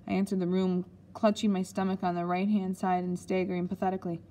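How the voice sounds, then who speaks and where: Woman audiobook reader, relaxed storybook narration. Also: on the low side, a little hiss or hum. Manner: unhurried reading with small slips.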